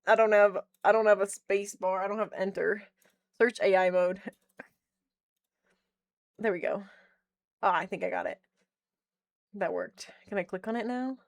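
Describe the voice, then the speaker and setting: A young woman chatting casually on a live stream from her bedroom, excitable, swearing and trailing off mid-sentence. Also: medium pitch, measured pace, gravelly, long pauses, no room sound. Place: home bedroom.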